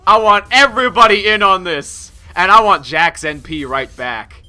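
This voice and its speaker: A man giving excitable gameplay commentary, laughing often and swinging from loud outbursts to low mutters. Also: moderate pace, hardly any pauses, smooth, soft background music. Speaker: game streamer.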